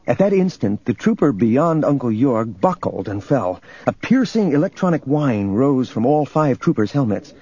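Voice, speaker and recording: A man narrating an audiobook in a steady, measured reading. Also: medium pitch, slightly rough, highs cut off. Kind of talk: scripted narration.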